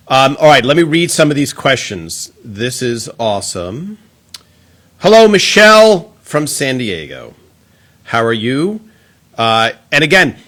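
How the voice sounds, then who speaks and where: A man's voice: medium pitch, a bit bright. A man hosting a casual live Q&A stream, greeting viewers one by one and chatting with plenty of filler words.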